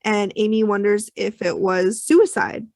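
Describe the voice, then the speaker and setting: A woman's voice: medium pitch, flat delivery, a little slow, darkish tone, no echo. Chatty woman podcaster recapping a show. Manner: chatty storytelling with many ums and you knows. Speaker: podcast co-host recapping an episode. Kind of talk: casual chat.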